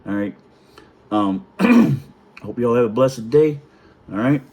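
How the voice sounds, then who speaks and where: A middle-aged man, a retired Navy chief, telling profane, chuckling stories in a casual vlog and clearing his throat now and then. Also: mid-range voice, animated, takes it slowly, mellow. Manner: profane, chuckling, rambling anecdotes.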